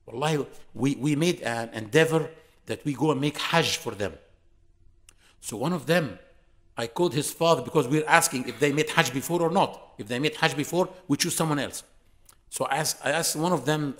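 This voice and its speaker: A man's voice: fairly high pitch, moderate pace. Man lecturing, storytelling with acted dialogue. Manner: storytelling, acts out dialogue, varied loudness. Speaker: Islamic lecturer.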